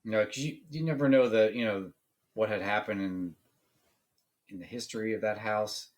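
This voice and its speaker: A man's voice: fairly low pitch, moderate pace. A man from Pennsylvania co-hosting a podcast, mostly giving short, easygoing replies in casual chat. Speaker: podcast co-host.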